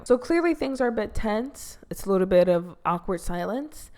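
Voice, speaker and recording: A woman's voice: mid-range voice, lively intonation, moderate pace, hardly any pauses, a little mellow. A young woman casually recapping a reality show episode, talking in a loose, exasperated way and leaning heavily on "like". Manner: exasperated, heavy use of "like".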